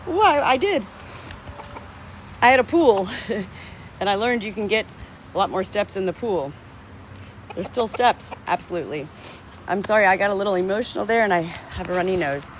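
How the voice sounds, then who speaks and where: A woman's voice: medium pitch, rough recording. A middle-aged woman chatting live from her small farm, rambling and sentimental, laughing often. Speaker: hobby farmer streaming live. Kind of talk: rambling live-stream chat. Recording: faint outdoor noise. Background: insects and crickets.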